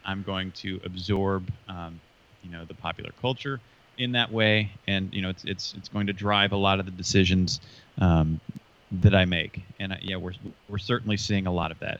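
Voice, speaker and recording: Low-voiced man with a dull, lo-fi sound. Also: a bit bright. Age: 40s. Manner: dryly sarcastic, lots of fillers. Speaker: podcast co-host. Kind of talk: casual discussion.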